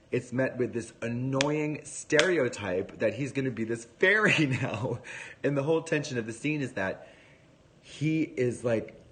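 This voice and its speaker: A man chatting casually on a livestream, telling a rambling, animated story with plenty of swearing. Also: mid-range voice.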